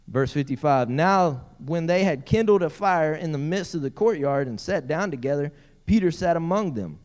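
A man's voice: fairly high pitch, lively intonation, fairly quick, a little mellow. A man preaching a sermon as pastor, reading scripture aloud and breaking in with playful asides.

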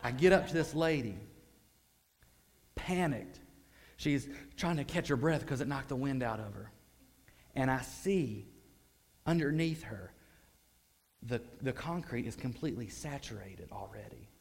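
A man preaching a sermon, telling a story animatedly and swinging from hushed tones to loud bursts. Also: mid-range voice, animated, measured pace, long pauses.

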